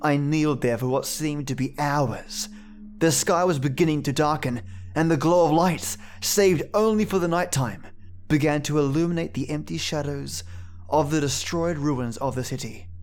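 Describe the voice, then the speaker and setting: A man reading a first-person horror story aloud in a measured, somber way. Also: on the high side. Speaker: narrator. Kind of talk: scripted horror narration. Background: faint music.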